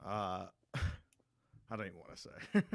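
A man's voice: deep voice, fairly even intonation, takes it slowly, vocal fry, dry recording, studio quality. A man hosting a podcast, teasing his guest in casual, profane banter over a video call. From Texas. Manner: teasing, swearing, laughs often. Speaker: podcast host.

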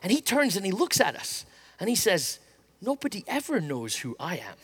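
A man's voice: high-pitched, moderate pace. A middle-aged man preaching a sermon, telling a story with energy and acting out what people said. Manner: storytelling, animated, acts out quotes. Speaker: pastor.

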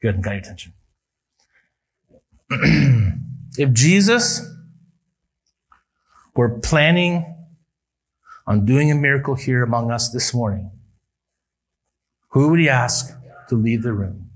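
Male pastor, mid pitch, sermon delivery with emphatic rises and quiet landings. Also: lively intonation, takes it slowly, pauses often, breathy edge, rough recording. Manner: preaching with rising emphatic appeals and quiet drops. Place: church service.

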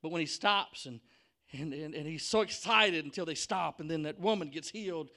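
Guy preaching, bright ringing voice, goes from hushed whispers to big shouts. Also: fairly high pitch, normal speed. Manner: dramatic storytelling, acting out voices, swinging from whispers to shouts. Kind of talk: Pentecostal sermon.

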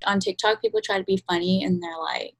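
A woman's voice: mid-range voice, huge pitch swings, fast, creaky, rough recording. A young adult woman co-hosting a podcast in casual chat, chatty with lots of ums and likes. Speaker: podcast co-host.

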